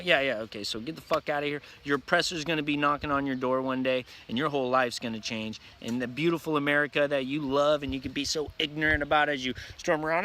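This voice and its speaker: A man's voice: fairly high pitch, quick pace, few pauses, bright, forceful tone, slight background noise. A man delivering an intense, profane, repetitive ranting vlog monologue, preaching at his viewers. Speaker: vlogger.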